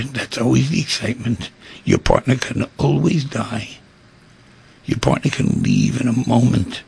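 A man hosting a radio call-in show, giving a preachy monologue full of rhetorical questions and animated storytelling. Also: mid-range voice, vocal fry, husky.

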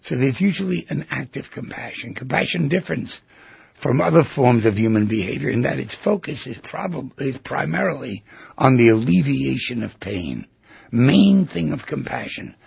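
A man with a heavily gravelly, husky voice hosts a reflective radio talk, musing and asking question after question. His pitch rises and falls a lot. The sound is dry and a little dull. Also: expressive, normal speed, no echo. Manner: musing, asks many rhetorical questions. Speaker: radio show host. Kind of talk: reflective monologue on psychology.

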